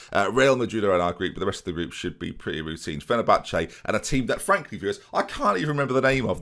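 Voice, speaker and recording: Animated gaming commentator, male. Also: fairly low pitch. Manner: animated, self-mocking, talks to viewers. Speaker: gaming YouTuber. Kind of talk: let's play commentary.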